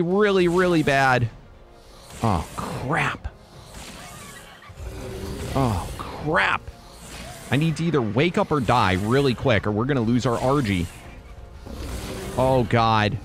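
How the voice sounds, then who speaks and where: A man's voice: medium pitch, animated, slow, gravelly, pauses often, soft background music. A man giving live gameplay commentary, swinging between frantic yelps and muttered groans. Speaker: gameplay streamer.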